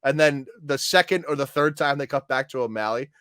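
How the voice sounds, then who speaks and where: A man's voice: medium pitch, a little fast, fairly bright tone, clear, resonant tone, no echo, studio quality. A man co-hosting a podcast in casual chat, laughing often and quoting lines with gusto. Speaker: podcast co-host.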